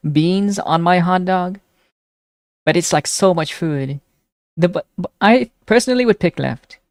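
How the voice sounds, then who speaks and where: A young woman live streamer chatting casually with her viewers, reading their messages aloud and reacting excitedly. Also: lowish voice, dry recording, studio quality. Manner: chatty, reads chat aloud and answers it, excitable.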